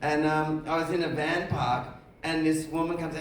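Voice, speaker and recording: On a festival stage before an audience, a film director who heads the jury tells anecdotes animatedly, acting out other people's voices. His pitch is fairly high, his pace normal with few pauses. The recording is echoey with a distant mic and a little hiss or hum.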